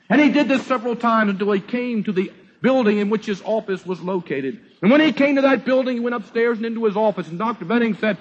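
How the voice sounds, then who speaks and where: A male preacher delivering a sermon at a church service, telling a story dramatically and swinging from loud exclaims to hushed words. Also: very high voice, husky. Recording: dull lo-fi sermon recording.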